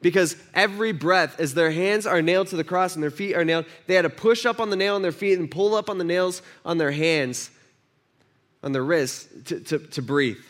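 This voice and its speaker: A man's voice: fairly high pitch, a little fast, a bit bright. A man preaching a conversational sermon, acting out the voices he quotes. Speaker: pastor.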